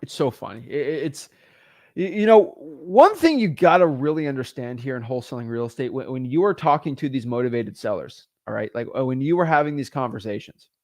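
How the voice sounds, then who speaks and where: Young guy coaching wholesale deals, bouncy pitch, acts out seller calls, dry close sound. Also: no room sound. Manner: animated, acts out both sides of seller calls in bursts. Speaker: real estate wholesaling coach. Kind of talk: energetic teaching with role-played calls.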